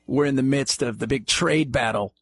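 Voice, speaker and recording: A man's voice: mid-range voice, normal speed, a bit bright, no echo. A man hosting a talk radio show, delivering a sarcastic, mocking monologue.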